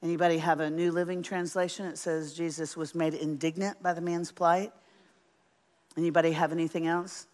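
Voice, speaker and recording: A woman preaching a sermon in an animated, folksy way, asking the congregation questions. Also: fairly low pitch, brisk. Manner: animated, folksy, asks the audience. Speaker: Bible teacher.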